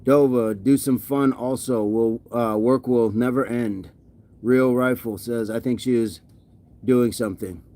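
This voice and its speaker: A man's voice: mid-range voice, fairly even intonation, a little slow, dark tone. A man livestreaming a workout, winded and sweaty, reading viewer comments aloud and often repeating himself in casual chat. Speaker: fitness livestreamer.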